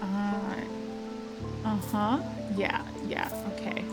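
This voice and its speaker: A woman's voice: mid-range voice, flat delivery, very slow, creaky. A young woman streaming a puzzle game, chatting and thinking aloud, reading game text aloud and correcting herself as she goes. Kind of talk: game let's play commentary. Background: background game music.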